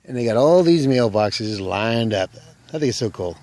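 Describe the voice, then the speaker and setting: A man's voice: mid-range voice, lively intonation, moderate pace, a little mellow, dry recording. A man vlogging on a hike who rambles in a folksy, joking way while walking through woods and country roads. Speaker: hiking vlogger. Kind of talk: casual joke-telling vlog.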